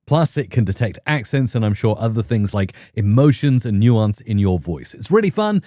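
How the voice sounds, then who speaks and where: A man's voice: lowish voice, sing-song, normal speed, dark tone, no echo, studio quality. A man hosting a tech video and talking through his tests in an upbeat, conversational way. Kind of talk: enthusiastic tech review narration.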